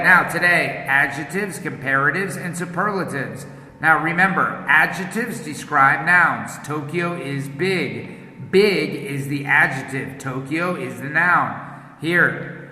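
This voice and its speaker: A man gives an English grammar lesson at a very slow, careful pace. His voice is very bright and slightly high. It rings in a roomy space with a long reverb tail. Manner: explains each step slowly and plainly. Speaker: English teacher. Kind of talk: slow, deliberate classroom explanation. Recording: echoey room with long reverb.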